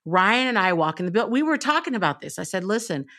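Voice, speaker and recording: A woman's voice: medium pitch, big pitch swings, fast, pushed and bright. Emphatic woman radio personality, guest. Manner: emphatic, conversational storyteller. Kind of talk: casual chat.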